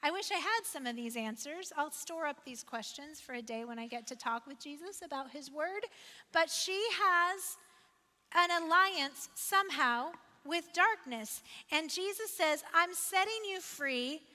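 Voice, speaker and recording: Woman pastor, sermon, very high voice, emphatic and conversational, reverberant hall. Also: animated, unhurried, bright, forceful tone. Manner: emphatic, repeats phrases for effect; conversational, asks the listeners questions. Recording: long reverb of a large hall.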